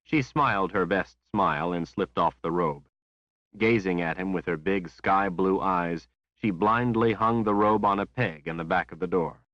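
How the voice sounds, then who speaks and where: A deep-voiced male narrator reading a fantasy novel in a measured, even way. The recording is dry and somewhat muffled. He keeps a steady storytelling pace. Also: no echo. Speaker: audiobook narrator. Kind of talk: scripted narration.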